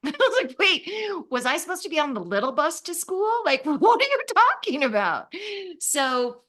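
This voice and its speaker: A woman in her fifties from Los Angeles, a travel writer telling stories in an interview, animated and acting out the voices she quotes. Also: high voice, moderate pace. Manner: animated, acts out quoted voices, laughs often. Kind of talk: casual storytelling in an interview.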